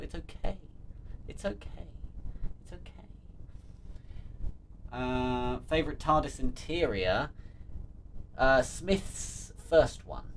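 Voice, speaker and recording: An excitable man hosts a casual live stream, answering chat questions with quick laughs and the odd burst of swearing. His voice swings widely in pitch, jumping up when something excites him and dropping low for dry asides. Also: a little hiss or hum. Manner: excitable, laughs often, swears freely, reads chat aloud.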